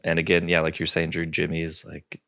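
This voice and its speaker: A man's voice: low-pitched, monotone, fairly quick, creaky, bright, forceful tone, dry recording, clean studio sound. Man recapping a film, laughing casually. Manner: loose, laughs while recapping. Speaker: podcast co-host.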